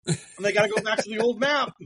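A man with a high voice talks in a loose, sarcastic ramble, full of restarts and quick asides. His casual chat swings between mockery and excitement. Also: breathy edge. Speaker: podcast co-host.

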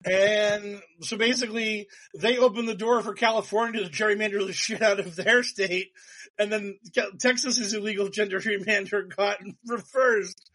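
A man in casual political chat, rambling with sarcastic asides and quick restarts. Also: high-pitched, steady tone, bright, forceful tone. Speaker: podcast co-host.

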